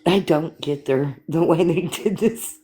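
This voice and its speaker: A woman's voice: low-pitched, measured pace, mellow, a little hiss or hum. An older woman hosting a live stream, telling stories with laughter and swearing in a casual chat. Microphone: phone or computer for live stream.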